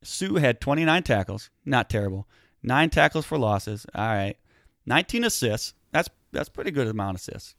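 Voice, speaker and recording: A man co-hosting a casual football talk show, animated and getting heated as he argues his point. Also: medium pitch, moderate pace, gravelly, dry recording, clean studio sound. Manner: animated, gets heated and emphatic. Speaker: sports podcast co-host.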